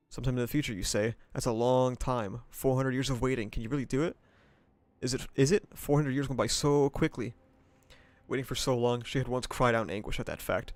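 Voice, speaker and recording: A man's voice: mid-range voice, brisk, no room sound. Profane man reading aloud on stream. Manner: casual and profane, breaking into laughs and asides. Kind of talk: reading a novel aloud with live reactions.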